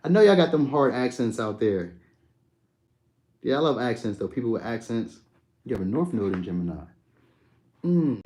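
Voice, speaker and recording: A young adult man talks loosely and easily on a live stream, picking up viewers' comments as they come in. His delivery is relaxed and slangy, with a friendly back-and-forth feel. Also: medium pitch, moderate pace, pauses often. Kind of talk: casual live chat reading comments.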